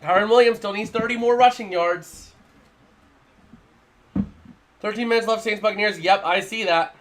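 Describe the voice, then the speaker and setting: A man with a fairly high voice calls scores and plays as they come in on his live stream. He talks in a loose, rambling way, circling back to the same point again and again. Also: moderate pace, a bit bright, slight background noise. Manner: rambling, repeats himself, casual. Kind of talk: live play-by-play and analysis.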